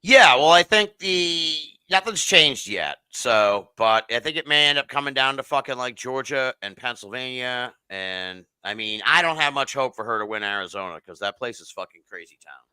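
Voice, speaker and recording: Animated, bright-voiced male podcast host. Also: mid-range voice, moderate pace, hardly any pauses, clear, resonant tone, dry recording. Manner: animated, swearing, reads chat aloud. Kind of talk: casual live election chat.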